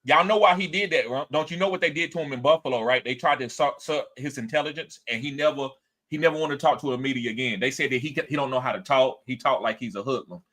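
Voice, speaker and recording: On his casual sports talk show, this man speaks quickly and with animation. The podcast host voices quotes in a higher register and reads viewers' chat comments aloud.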